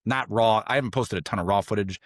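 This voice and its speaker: A middle-aged man on a podcast, telling a long story in a rambling, animated way, full of fillers and restarts, and jumping into a high voice when he quotes others. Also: quick pace, dry recording, studio quality. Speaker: podcast guest, former SEAL trainee. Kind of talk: casual storytelling interview.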